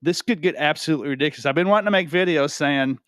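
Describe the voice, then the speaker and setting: A man's voice: fairly high pitch, racing, a bit bright, smooth, dry recording, studio quality. Rambling man talking to camera at home. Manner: rambling, repeats himself, lots of "right?" and "you know". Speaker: crypto video host. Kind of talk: casual talk to camera. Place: home room with a cat.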